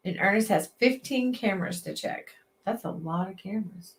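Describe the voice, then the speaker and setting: A woman co-hosts a late-night livestream from a metal shop. Her voice sits at a middle pitch, and she chats easily while reading viewer comments aloud. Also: normal speed. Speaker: livestream co-host.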